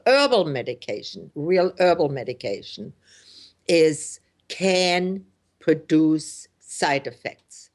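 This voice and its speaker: Slow, indignant woman talk host. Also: low voice, darkish tone. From Germany. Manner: indignant, emphatic, with many fillers and restarts. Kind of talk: opinionated radio talk.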